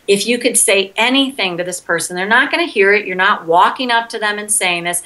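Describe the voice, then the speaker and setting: A middle-aged woman speaks as an interview guest, earnest and candid. Her voice is bright and clear at a middle pitch, and she turns animated as she acts out her own outbursts. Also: a little fast, low-quality recording. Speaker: interview guest, EFT practitioner.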